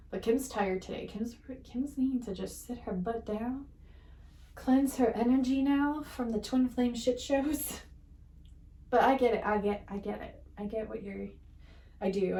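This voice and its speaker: A woman's voice: fairly high pitch, dark tone. A tired woman reading channeled messages, chatting to her viewers in a rambling, giggly, self-mocking way. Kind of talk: casual rambling chat to viewers. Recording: roomy echo, distant from mic.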